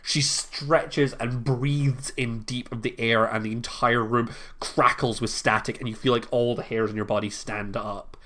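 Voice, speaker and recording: A woman's voice: extremely low pitch, fairly even intonation, unhurried, hardly any pauses, a bit bright. A woman narrating a tabletop game as game master, casual and hesitant with frequent fillers.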